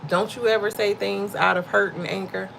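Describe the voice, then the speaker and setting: A woman's voice: mid-range voice, level tone, moderate pace, creaky, fairly bright tone, slight background noise, poor audio. A middle-aged woman hosting a livestream, giving a casual faith-based talk to her viewers, conversational and a bit preachy, often laughing and calling them y'all. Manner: laughs often while talking.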